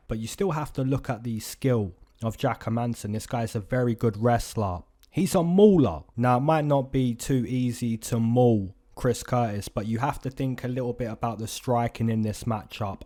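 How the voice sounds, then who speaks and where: A man hosting fight predictions in casual talk, animated, repeating his points and asking himself questions. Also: medium pitch, normal speed, hardly any pauses. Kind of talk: casual betting breakdown.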